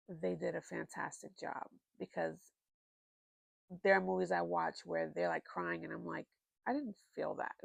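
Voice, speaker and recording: A woman's voice: fairly low pitch, vocal fry, dry recording. A married woman chatting casually and expressively about books she recommends, with plenty of fillers. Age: adult, married. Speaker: book vlogger.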